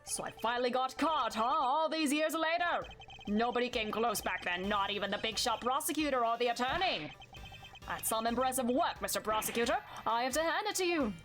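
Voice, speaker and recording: A woman's voice: fairly high pitch, lively intonation, brisk, fairly bright tone. A woman voicing a scheming older male dessert chef who gloats, then turns bitter and defensive. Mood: smug. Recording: game music behind the voice.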